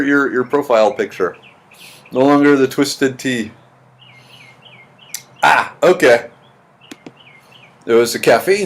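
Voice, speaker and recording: A man hosting a casual live stream at home, greeting viewers by name and rambling with dry jokes into his computer's built-in mic. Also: medium pitch. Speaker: live stream host reading chat. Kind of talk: casual chat. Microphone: computer's built-in mic, not his usual one.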